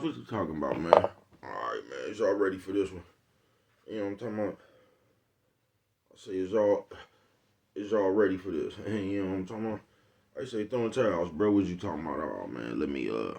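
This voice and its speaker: Deep-voiced man rambling casually to camera. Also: gravelly. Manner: rambling, profane, streetwise slang, keeps asking "you know what I'm talking about". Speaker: vlogger host. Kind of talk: casual motivational monologue.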